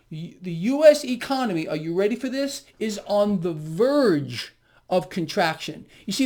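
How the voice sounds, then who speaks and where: A man giving a market commentary monologue on his video blog, emphatic and sarcastic, repeating his key words with ironic asides. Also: high-pitched. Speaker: financial vlogger.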